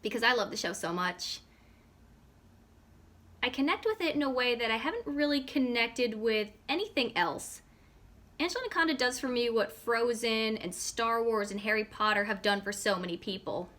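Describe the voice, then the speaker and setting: A woman's voice: fairly high pitch, expressive, normal speed, a bit bright. A woman from the United States hosting an interview, speaking earnestly and from the heart. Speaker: interview host.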